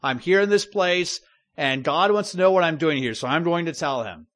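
A man's voice: fairly high pitch, moderate pace, fairly bright tone, close to an everyday voice. A preacher voicing a fearful, worn-out prophet who pleads and stammers as he makes his case. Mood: pleading.

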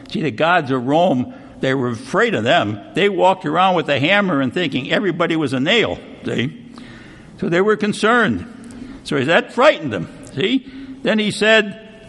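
A male preacher tells a Bible story in a conversational sermon, repeating "see?" as he goes. His slightly high voice has a gravelly fry and rings in a long hall reverb. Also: fairly bright tone.

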